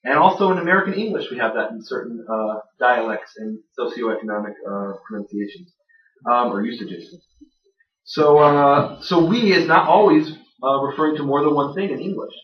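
A man's voice: mid-range voice, normal speed. Man lecturing in an echoey room. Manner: conversational, self-deprecating, many fillers and restarts. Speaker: lecturer on biblical grammar. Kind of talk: classroom lecture with jokes. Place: room with a live audience. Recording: roomy, distant, dull lo-fi sound.

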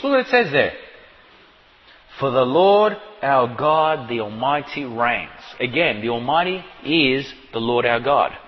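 Man, preacher, sermon, emphatic, repeats and restarts, dull lo-fi recording, long hall reverb. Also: sits high. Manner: emphatic, rising to shouts when stressing a point; reads scripture aloud, repeats words and restarts. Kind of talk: sermon, Bible exposition.

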